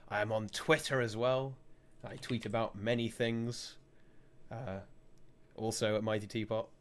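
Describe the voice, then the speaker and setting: A man's voice: lowish voice, little pitch movement, unhurried. A man hosting a casual gaming chat show, who laughs often and rambles through restarts. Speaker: host.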